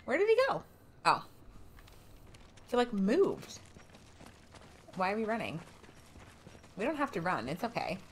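A woman's voice: medium pitch, huge pitch swings, unhurried, long pauses, slight background noise. A woman commenting live on her own gameplay, swearing often and sounding exasperated and sarcastic. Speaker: streamer. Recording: game music behind voice.

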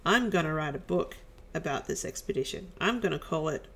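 A woman's voice: low-pitched, animated, fairly quick, gravelly, a bit bright, a little hiss or hum, full character voice. A woman reading the lines of a wry spaceship crew member making jokes. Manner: wry, joking.

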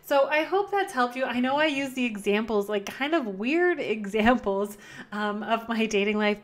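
With a voice on the high side, a woman hosts her own podcast from home, talking casually and alone while a camera records from close by. She's chatty and repetitive, corrects herself, and often slows down deliberately to model calm breathing.

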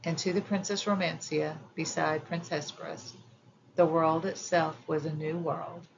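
A woman narrating a children's fairy tale audiobook in a measured, gentle storytelling manner. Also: low voice, flat delivery, vocal fry, lo-fi sound, noisy background.

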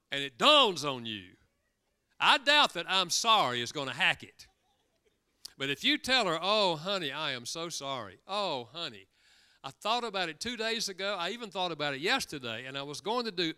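Lively, bright-voiced male preacher. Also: a little high, smooth. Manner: storytelling with acted quotes. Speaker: guest speaker. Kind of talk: sermon. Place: church.

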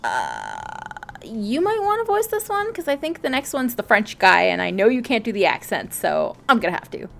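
Giggly, animated woman gaming host. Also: a little high, moderate pace, gravelly. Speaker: let's play host. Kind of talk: casual chat over a game.

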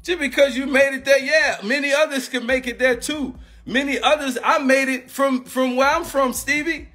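Agitated man ranting, high bright voice. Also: fairly even intonation, moderate pace, faint music behind. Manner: agitated, repetitive, confrontational. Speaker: former football player and coach. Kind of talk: heated rant on a live stream.

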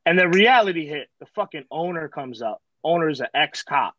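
A man telling a story to friends in profane, slangy, animated casual talk as host of a vlog. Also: on the high side, normal speed, dull audio, a little hiss or hum.

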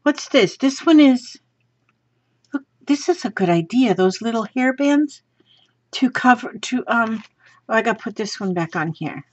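A woman chatting to viewers from her home craft room, gushing and excitable as she shows craft supplies. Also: on the high side, moderate pace, breathy edge, dry recording. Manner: gushing and excitable, talks to viewers while handling items. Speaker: craft vlogger. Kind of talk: casual unboxing chat. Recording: slightly dull lo-fi sound.

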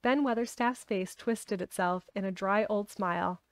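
A woman reads a children's novel aloud at an even pace and with plenty of expression. Her voice sits in the middle register. The recording is dry, with no room echo. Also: mid-range voice, normal speed. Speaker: audiobook reader. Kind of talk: storybook reading.

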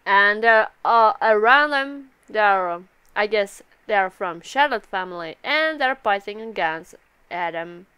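A woman's voice: mid-range voice, animated, measured pace, bright, forceful tone, smooth, no echo. A woman casually reacting to a manga chapter live, giggling often and swearing freely as she reads aloud. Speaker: anime reaction video host.

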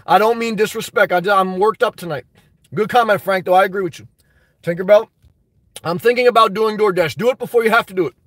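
This YouTube live stream host talks fast, with a high-sitting, somewhat bright voice in a dry recording. He reads viewer comments aloud and answers with emphatic, pumped-up advice.

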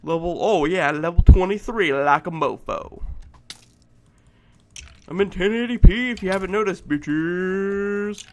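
A man giving let's play commentary, excitable and profane, shouting at game monsters. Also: high voice, a little slow. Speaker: gameplay commentator.

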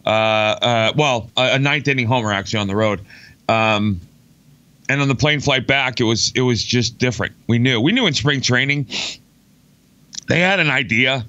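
A man's voice: mid-range voice, moderate pace, pushed and bright, no echo, highs cut off. A man, a former baseball player co-hosting a sports show, talking casually with many ums and repeated words.

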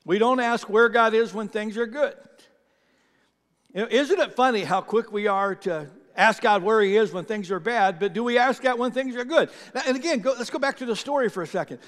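A man preaching a sermon as pastor, conversational, often repeating words and swinging between loud emphasis and quiet asides. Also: sits high, animated, a little fast, hardly any pauses, in a large hall. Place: church sanctuary.

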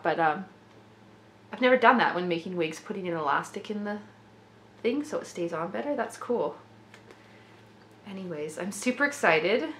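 Excitable woman gushing in an echoey room. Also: medium pitch. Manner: gushing, excitable, laughs often. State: slightly rough throat. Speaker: doll collector vlogger. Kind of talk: casual unboxing vlog. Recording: echoey room with faint noise.

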